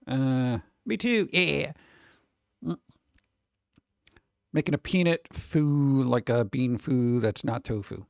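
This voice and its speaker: A man's voice: mid-range voice, slow pace, creaky, long pauses, no room sound, dull audio. A man chatting casually on a live stream, rambling, swearing freely and often laughing.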